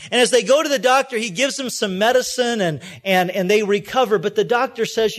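A man's voice: high-pitched, a little fast, hardly any pauses, fairly bright tone. A man preaching a sermon in a conversational, storytelling way, with plenty of restarts as he works through his points. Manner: storytelling preacher, acts out quoted voices. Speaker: pastor.

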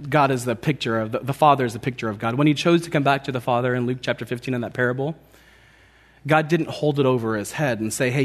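A man preaching a sermon, telling a parable with lively acted-out lines and dropping soft on key points. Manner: animated storytelling, acting out quoted lines with rising pitch. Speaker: pastor.

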